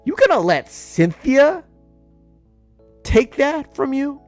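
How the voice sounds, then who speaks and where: A young man giving jokey commentary over a video game playthrough, talking to his characters with big swings in pitch. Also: very animated, slow, darkish tone, faint music behind. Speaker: gaming YouTuber.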